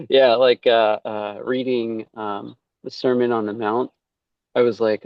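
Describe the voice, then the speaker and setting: A man's voice: mid-range voice, slow pace, dry recording, dull audio. A man talking casually as a podcast guest, rambling, with many fillers and quoted asides. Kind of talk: casual conversation.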